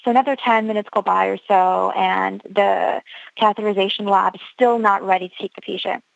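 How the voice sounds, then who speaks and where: A woman's voice: mid-range voice, fairly even intonation, brisk, gravelly, dry recording, lo-fi sound. Earnest woman doctor telling a story. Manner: earnest, reliving events with quoted dialogue. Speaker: emergency physician telling a story. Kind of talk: storytelling interview.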